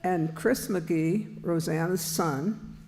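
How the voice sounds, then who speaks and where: A man hosting a church anniversary program, introducing speakers in a measured, plain way. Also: a little high, darkish tone. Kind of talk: emceeing a church event. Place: church sanctuary. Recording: long hall reverb.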